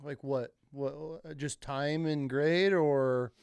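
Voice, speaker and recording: A man's voice: mid-range voice, steady tone, slow pace, a little mellow, clear, resonant tone, no room sound. A man hosting a podcast, interviewing his guest with short, blunt follow-up questions. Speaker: podcast host.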